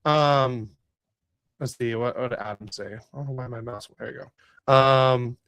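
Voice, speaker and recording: A man of ordinary pitch talks through a hockey game on a casual podcast, wandering through fillers and restarts with a rueful edge. His voice sits close and dry against the mic, with no room around it. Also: steady tone, moderate pace, fairly bright tone, clean tone, dry recording. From Southern California. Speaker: podcast co-host. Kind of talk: casual sports podcast recap.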